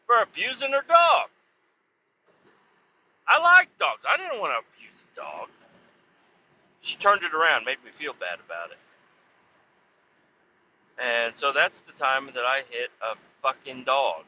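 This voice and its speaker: Profane man rambling, very bright voice. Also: fairly high pitch, big pitch swings, normal speed, slight background noise. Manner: profane, meandering, self-correcting. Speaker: podcast host. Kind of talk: rambling casual storytelling. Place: outdoors beside a road. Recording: slightly muffled, dull recording.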